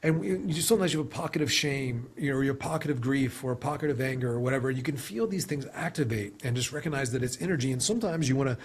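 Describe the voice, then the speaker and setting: A man's voice: medium pitch, rapid-fire, hardly any pauses, husky. A man being interviewed as a guest on a podcast, talking in a reflective, rambling way and often saying "you know". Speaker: podcast guest, sales leader. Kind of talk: conversational interview.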